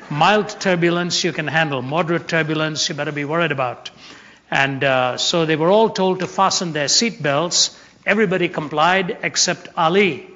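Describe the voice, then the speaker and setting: A man's voice: fairly high pitch, bright, forceful tone, highs cut off. A man telling a humorous story in a sermon with wry, understated delivery.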